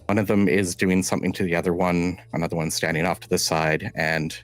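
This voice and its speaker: Low-voiced man narrating a tabletop game. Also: flat delivery. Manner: halting, measured storytelling with restarts. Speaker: game master.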